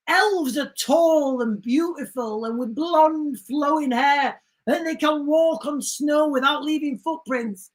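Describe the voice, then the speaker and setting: A man's voice: very high voice, unhurried. A man hosting a casual commentary livestream, rambling, restarting his sentences and calling his viewers guys. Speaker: livestream host. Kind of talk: casual political commentary stream.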